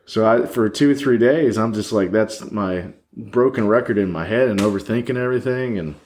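Low-voiced man telling a candid story. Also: normal speed, a little mellow. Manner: candid, rambling, many fillers. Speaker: podcast guest. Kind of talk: personal story in conversation. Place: indoors across a table from the host.

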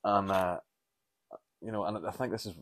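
A Northern Irish man in his forties talks alone into the mic in a deep, low voice. The sound is dry and close, with no room around it. He rambles, swears freely and makes fun of himself, like a comedian thinking aloud. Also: fairly even intonation, moderate pace, a bit bright, no echo. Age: 40s. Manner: candid, self-deprecating, sweary, rambling. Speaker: comedian podcast host. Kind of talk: rambling solo podcast monologue.

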